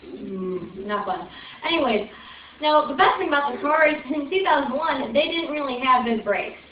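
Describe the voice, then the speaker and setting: A young woman from Chicago, an open mic comic, delivers a rambling, exasperated stand-up rant with chatty asides to the crowd in a high, animated voice at normal speed. She's on stage at a small open mic venue, captured by a far-off camera, so the audio is echoey, dull, lo-fi and carries a little hiss or hum.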